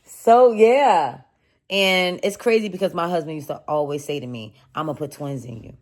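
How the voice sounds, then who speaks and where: Chatty low-voiced woman telling a story. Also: a little fast. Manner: chatty, addresses viewers as y'all, animated retelling. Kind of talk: casual storytime.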